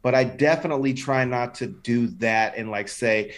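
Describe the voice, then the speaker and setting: A man's voice: medium pitch, normal speed. A man co-hosting a podcast, talking bluntly with heavy slang and swearing in casual chat. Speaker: podcast co-host.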